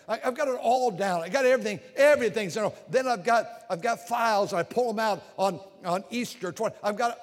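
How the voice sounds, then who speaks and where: An older male preacher giving a sermon, animated and repetitive, swinging from loud outbursts to hushed confessions. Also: high-pitched. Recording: long reverb of a large hall.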